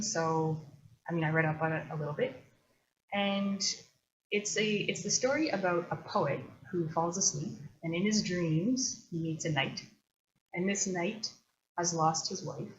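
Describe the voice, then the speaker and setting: Low-voiced woman musing casually, lo-fi. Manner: chatty and thoughtful, with loose asides. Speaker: host. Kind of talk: casual solo commentary. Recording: dull lo-fi recording.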